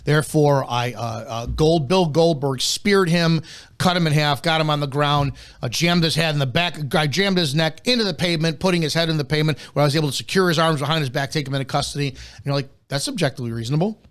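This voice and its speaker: A man's voice: a little high, quick pace, a bit bright. A man hosting a live policing commentary show, talking bluntly and with emphasis, repeating his key points, swearing now and then and often stumbling into restarts.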